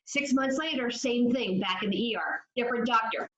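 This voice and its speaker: Woman with a bright voice, echoey lo-fi. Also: fairly high pitch, normal speed. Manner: explanatory, confident. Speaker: addiction specialist guest. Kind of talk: podcast interview. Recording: echoey room, dull lo-fi sound.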